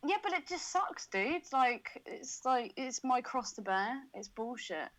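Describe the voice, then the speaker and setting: A woman's voice: mid-range voice, a bit bright, poor audio. A woman co-hosting a podcast, talking in a crude, casual way with lots of swearing and laughter. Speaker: podcast co-host.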